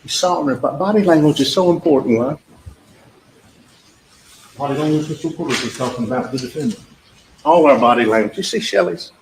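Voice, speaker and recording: A man's voice: on the high side, a little fast, long pauses. Emphatic man addressing a jury. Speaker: trial attorney. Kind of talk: closing argument to a jury. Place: courtroom. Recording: echoey courtroom audio with faint background noise.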